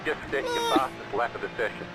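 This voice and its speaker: A man voicing a calm race engineer calling out traffic and lap times in a racing game, clipped and matter-of-fact. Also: medium pitch, a little fast.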